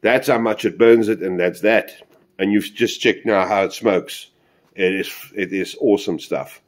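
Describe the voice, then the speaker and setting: A man's voice: on the low side, moderate pace. A man chatting casually as he shows off a hobby project, rambling and talking straight to his viewers. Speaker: model railway hobbyist.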